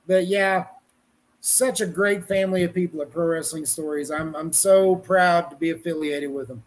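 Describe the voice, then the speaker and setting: A middle-aged wrestling journalist from Colorado, USA, chats on a podcast in a rambling, folksy, profane way. His voice is fairly high with a steady tone, delivered at normal speed.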